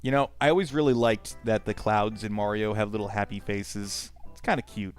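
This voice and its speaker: Low-voiced, profane male game streamer. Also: steady tone, normal speed, faint music behind. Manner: profane, rambling, talks to chat. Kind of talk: casual live-stream commentary, reading chat aloud.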